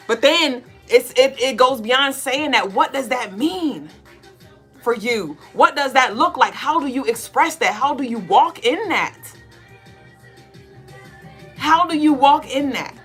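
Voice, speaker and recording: A woman co-hosting a spiritual podcast speaks in a vivid, bright voice that sits a little high. She is frank and casually profane and presses listeners with rapid rhetorical questions. Soft music plays quietly behind her. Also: lively intonation. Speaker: podcast co-host.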